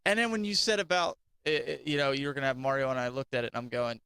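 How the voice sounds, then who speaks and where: A man's voice: medium pitch, very fast, sharp tone, smooth, dry recording. A male podcast co-host and father of two, chatting casually and laughing easily as he tells stories. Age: adult father of two.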